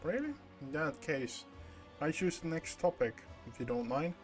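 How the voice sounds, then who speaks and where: A man's voice: on the high side, normal speed, soft background music. A man streaming a game playthrough, reading his choices aloud in a playful way and laughing often.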